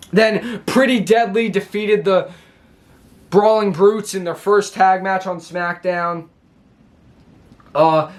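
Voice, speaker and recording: A man casually recapping a wrestling show for his vlog, rambling with many restarts and fillers, filmed at home on his own camera. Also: high voice.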